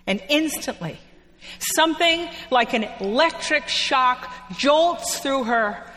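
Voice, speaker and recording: A woman preacher giving a sermon in a church, telling the story in an unhurried way with dramatic pauses. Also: sits high, a bit bright. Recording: long echo of a church hall.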